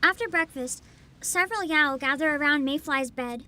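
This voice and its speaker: A woman's voice: high-pitched, moderate pace, pushed and bright, a little hiss or hum. A woman streaming a game, reading its text aloud and chatting casually with wry remarks. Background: game music.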